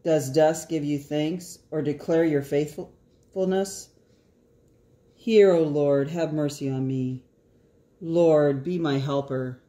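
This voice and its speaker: A woman reading psalms aloud in an earnest, deliberate way. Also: sits low, fairly even intonation, mellow. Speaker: scripture reader. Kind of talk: slow prayerful reading of psalms. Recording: echoey room.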